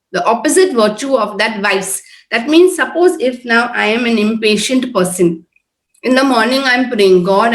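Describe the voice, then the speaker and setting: An Indian woman based in Oman, with a higher voice, leads an informal sermon talk at a prayer group. She is earnest and conversational and keeps repeating tag questions, and the room is echoey.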